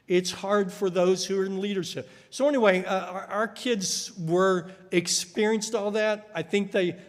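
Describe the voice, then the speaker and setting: A man preaching a sermon, telling stories and acting out the voices of people he quotes. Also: high voice. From United States. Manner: storytelling, acts out quoted voices. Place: church hall. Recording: echoey church hall.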